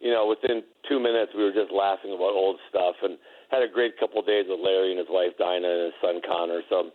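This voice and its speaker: A man's voice: deep voice, steady tone, fast, narrow, tinny audio. Man laughing through old stories. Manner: laughing anecdotes, many restarts. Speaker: former basketball player, guest. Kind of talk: casual storytelling interview.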